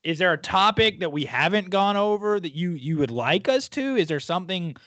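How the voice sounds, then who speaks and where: A man, co-hosting a podcast and telling stories in a joking way, repeating words in quick bursts. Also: high-pitched, lively intonation, fairly bright tone, dry recording. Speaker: podcast co-host. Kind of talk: casual chat.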